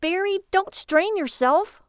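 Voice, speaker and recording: A woman voicing an exasperated, sharp-tongued wife who scolds with sarcasm. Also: very high-pitched, animated, takes it slowly, no echo, studio quality, voice pushed up, exaggerated voice. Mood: scolding.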